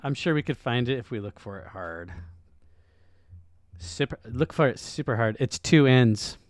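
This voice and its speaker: A man co-hosting a podcast, talking loudly and profanely in excitable casual banter on a close mic. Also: medium pitch, normal speed, dry recording. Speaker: podcast co-host.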